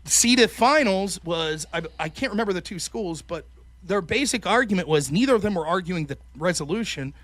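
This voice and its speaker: A man with a high, bright voice tells a story on his podcast, swearing freely and putting on mocking voices for the people he quotes. The sound is close and dry, with no room in it. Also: normal speed, dry recording. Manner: profane, animated, mocking voices when quoting people. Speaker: podcast host. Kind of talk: casual chat, storytelling.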